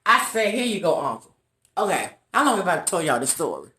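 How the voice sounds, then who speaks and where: A woman's voice: fairly low pitch, a little fast, slight background noise. A woman vlogger telling a long story to her viewers in a casual, dramatic way, acting out the voices of the people in it. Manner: animated, dramatic retelling with loud quoted voices. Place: room in an apartment. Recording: echoey room, voice off-mic.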